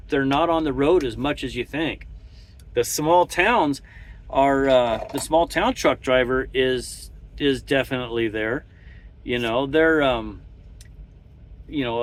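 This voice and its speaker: A man's voice: medium pitch, a bit bright, slight background noise. Rambling truck driver, a man. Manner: rambling, with many restarts and chuckles. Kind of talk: casual monologue while driving. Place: truck cab on the road.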